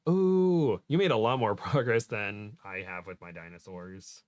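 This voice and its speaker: A man's voice: medium pitch, slow, dry recording, studio quality. A man co-hosting a casual chat and reading a story aloud, giggly and playful. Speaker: co-host.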